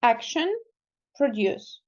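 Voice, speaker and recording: Slow, careful woman practicing pronunciation. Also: a little high, animated, a little mellow. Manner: slow, careful repetition of words. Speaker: student. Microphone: video call. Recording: dull lo-fi video call audio.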